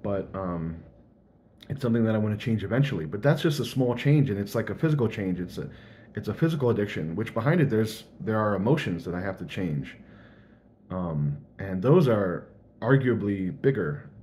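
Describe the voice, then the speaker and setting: A man's voice: fairly low pitch, lively intonation, normal speed, dark tone, slight background noise. A young man thinking aloud in a casual, earnest vlog monologue.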